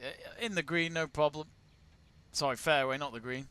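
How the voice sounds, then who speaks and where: A man's voice: a little high, moderate pace, sharp tone, clean tone, no echo. A man from England hosting a live golf watch-along, chatting casually, greeting viewers and reading out their messages. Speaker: watch-along stream host.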